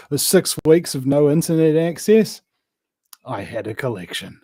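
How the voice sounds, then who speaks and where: A New man talking as a guest, voice of medium pitch. He rambles and presses his points with lots of fillers and restarts. The sound is close and dry, with no room around it. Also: lively intonation, moderate pace, warm tone, dry recording. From New Zealand. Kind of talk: casual conversation.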